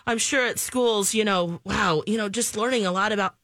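A woman's voice: mid-range voice, normal speed, dry recording. Laughing woman radio co-host, dry studio sound. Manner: animated storytelling, laughs often. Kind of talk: casual morning radio chat.

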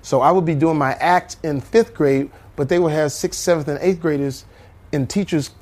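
A man in his fifties, a comedian guest, telling animated stories and slipping into impressions. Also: on the high side, moderate pace. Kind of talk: storytelling in a talk-show interview.

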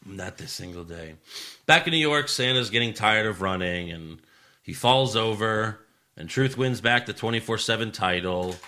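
A man's voice: lowish voice, lively intonation, moderate pace, pushed and bright. A man hosting a casual podcast chat, with a loose, sarcastic manner and a lot of swearing. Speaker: podcast host.

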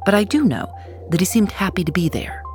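A woman hosting a podcast, narrating and asking questions with a lively, expressive delivery. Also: mid-range voice, a little fast, faint music behind. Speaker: podcast host.

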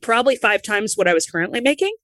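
Animated woman telling a candid story. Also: medium pitch, fast, no echo. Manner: animated, acts out quoted voices, laughs between lines. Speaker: interview guest, former pro wrestler.

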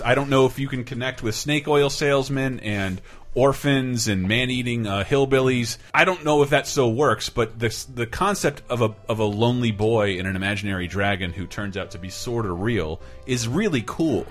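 A man co-hosting a casual movie chat, animated and profane, rambling with restarts. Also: medium pitch, normal speed. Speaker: podcast co-host.

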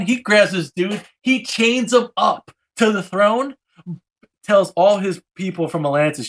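A man's voice: high voice, animated, normal speed, fairly bright tone. A man casually retelling a comic book plot, rambling and swearing freely with lots of filler. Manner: rambling and profane, heavy use of filler phrases and slang.

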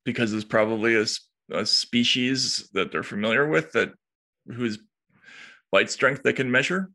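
A man's voice: medium pitch, moderate pace, bright, forceful tone. A man co-hosting a podcast, chatting casually and reading news stories aloud with wry asides. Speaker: podcast co-host.

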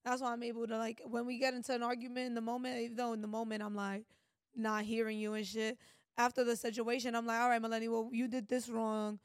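A woman's voice: on the high side, little pitch movement, fast, clean tone, no room sound, studio quality. A woman co-hosting a casual podcast chat, teasing and conversational. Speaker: podcast co-host.

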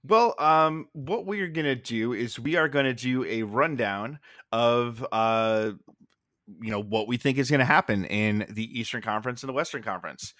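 A man co-hosting a casual sports podcast, talking in a relaxed, rambling way with fillers. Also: mid-range voice, moderate pace, dry recording, studio quality. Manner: laid-back, rambling with fillers. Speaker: podcast host. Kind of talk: casual hockey podcast chat.

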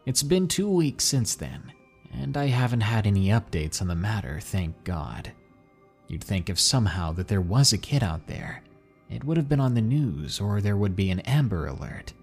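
A man narrating horror stories in a dramatic way, slowing down and dropping his voice for suspense. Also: lowish voice, sing-song, darkish tone, faint music behind. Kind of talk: scripted horror story narration.

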